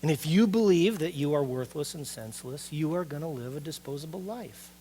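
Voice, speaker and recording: Animated middle-aged male pastor preaching. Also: a little high, brisk, a little hiss or hum. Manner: conversational, animated preaching with rhetorical questions to the congregation. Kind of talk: sermon.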